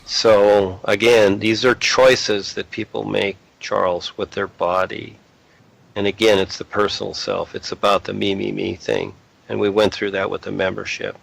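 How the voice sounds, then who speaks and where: Guy with a low gravelly voice going off blunt about spiritual stuff. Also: level tone, a little slow, a bit bright, rough recording. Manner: blunt, lecturing. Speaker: spiritual speaker. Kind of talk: casual spiritual talk.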